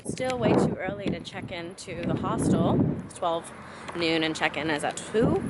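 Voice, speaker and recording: Gravelly-voiced woman vlogging on the road. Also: mid-range voice, heavy background noise. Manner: chatty, self-narrating, upbeat. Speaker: travel vlogger. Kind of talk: casual travel vlog. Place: car and outdoors. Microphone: camera on dash and handheld.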